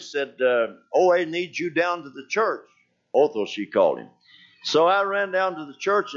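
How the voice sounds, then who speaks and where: Older male pastor, folksy storyteller, slightly high voice, lo-fi sermon recording. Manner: folksy storytelling, animated with shouted quotes and hallelujahs. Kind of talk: anecdotal sermon. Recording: dull lo-fi church recording.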